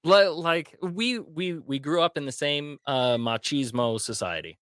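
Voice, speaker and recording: A man in his forties hosts the podcast in a lively, swooping voice, joking and stumbling over his words. The sound is close and dry, with no room around it. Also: on the high side, measured pace, clear, resonant tone, dry recording. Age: 40s. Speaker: podcast host. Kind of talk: conversational interview.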